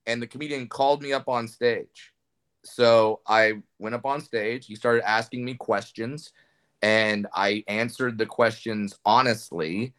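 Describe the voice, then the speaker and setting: A man's voice: on the low side, fairly bright tone, smooth. A man, a comedian guest, telling candid stories in a casual interview with frequent restarts.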